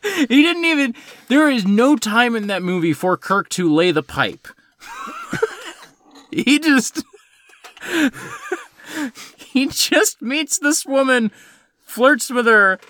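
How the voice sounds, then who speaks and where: A man co-hosting a podcast, chatting casually about films, animated, swearing freely and laughing often. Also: extremely high pitch, takes it slowly, long pauses, slight background noise. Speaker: podcast co-host. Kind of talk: casual film discussion.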